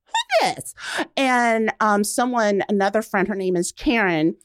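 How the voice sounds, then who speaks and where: A young woman talking casually as a podcast guest, expressive and quick to laugh, acting out quotes as she speaks. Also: medium pitch, smooth, dry recording, studio quality. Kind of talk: casual interview chat.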